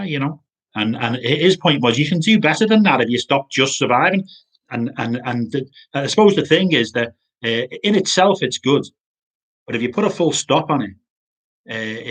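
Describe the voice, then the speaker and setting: A man giving an informal sermon, halting with many restarts and repeated words. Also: medium pitch, fairly bright tone, breathy edge. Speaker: pastor.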